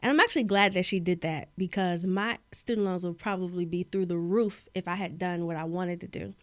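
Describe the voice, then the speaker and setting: A woman's voice: lowish voice, fairly quick, no echo. A young woman from Maryland, a public speaking coach, telling her story in a casual interview with careful, articulate diction. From Maryland, USA.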